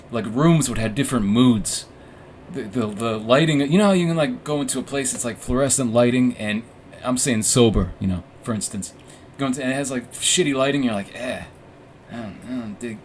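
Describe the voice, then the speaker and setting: In a room lit warm orange, a young man hosting a casual podcast tells a long personal story, rambling, profane, and self-mocking, with plenty of restarts and fillers. His voice is medium in pitch, with a little hiss or hum in the recording.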